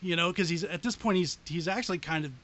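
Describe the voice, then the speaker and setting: High bright voiced guy gushing about a fave movie scene, swears a lot, muffled lo-fi audio. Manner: enthusiastic, profane, halting. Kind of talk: casual movie chat.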